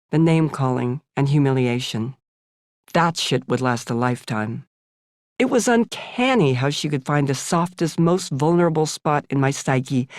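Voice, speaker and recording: An American woman in her seventies reads her own memoir for an audiobook on a studio microphone, frank and sardonic in tone. Her voice is low and a little mellow, and the recording is dry.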